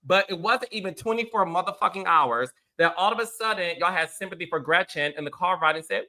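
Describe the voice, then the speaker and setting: A man's voice: sits high, expressive, brisk, hardly any pauses, pushed and bright. A male host giving casual reality TV commentary, blunt and sarcastic, swearing freely as he calls out cast members.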